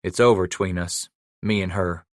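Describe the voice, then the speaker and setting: A man voicing a grizzled old male trapper who talks in a gruff backwoods frontier dialect. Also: deep voice, fairly even intonation, moderate pace, no echo, studio quality, close to an everyday voice. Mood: subdued.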